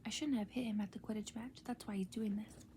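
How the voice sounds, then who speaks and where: A woman's voice: medium pitch, fairly even intonation, fairly quick, mellow, a little hiss or hum, natural voice. A woman in a whispered role-play voicing an anxious, grumbling young boy wizard in a storybook reading.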